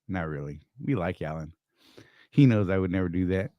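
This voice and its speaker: A man's voice: sits low, animated, brisk, dark tone, dry recording. Joking older man with a dry sound. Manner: joking, teasing, greets viewers by name. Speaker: live stream co-host. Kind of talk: casual live stream chat.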